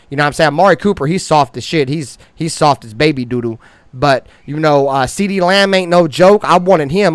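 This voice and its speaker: A brash man rants through a fan sports show with cocky, profanity-laced slang, pushing his voice loud and high when he is fired up. His voice sits a bit high and sounds smooth and clear, recorded in a dry, close space. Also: no echo. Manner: swaggering, heavily profane slang. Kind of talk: profane sports trash talk monologue.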